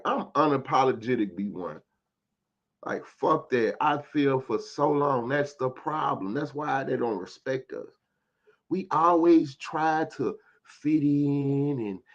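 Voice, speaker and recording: A man delivers a heated, profanity-laced rant to his camera with a mid-pitched voice. He swings between clipped bursts and drawn-out emphasis. The recording sounds dull and lo-fi. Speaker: vlogger commentator. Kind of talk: ranting commentary.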